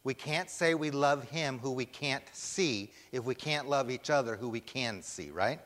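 A man's voice: medium pitch, a little slow, fairly bright tone. A man preaching a sermon, emphatic, putting questions to the congregation and waiting for their answers. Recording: long hall reverb.

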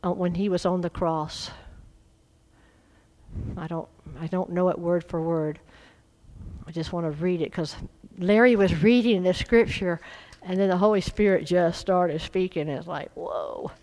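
A middle-aged woman preaching a sermon, fervent and emphatic, swelling into loud exhortation. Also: fairly low pitch, fairly even intonation, measured pace, rough recording.

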